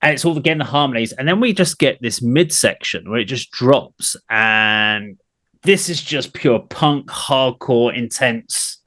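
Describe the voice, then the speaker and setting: A man's voice: mid-range voice, animated, unhurried, fairly bright tone. A man hosting a music reaction show, chatting with enthusiasm and casual swearing. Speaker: show host. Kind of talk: casual music review chat.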